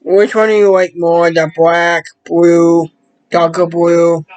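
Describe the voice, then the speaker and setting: A man chatting casually to the camera as a vlogger, rambling in halting, loosely strung phrases. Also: fairly high pitch, flat delivery, a little mellow, smooth, rough recording.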